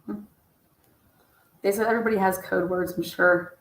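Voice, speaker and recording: A true-crime commentator reads out messages, offering blunt, profane remarks and often answering herself. Her mid-range voice moves at a normal speed with fairly even intonation, and the recording has a roomy echo.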